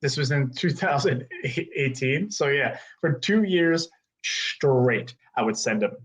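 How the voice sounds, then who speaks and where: A man in his thirties, a guest telling a story in casual, animated chat, full of "like" and casual swearing. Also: mid-range voice, slow. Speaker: guest, co-owner of a fight-gear retailer.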